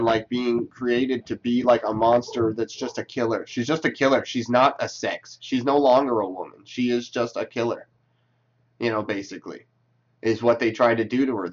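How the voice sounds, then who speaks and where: A man doing casual reaction commentary, reading posts aloud and snapping back at them with sarcastic, profane asides. His voice sits at a middling pitch, and the recording sounds a little dull and lo-fi. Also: normal speed. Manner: sarcastic, profane, talks back to what he reads.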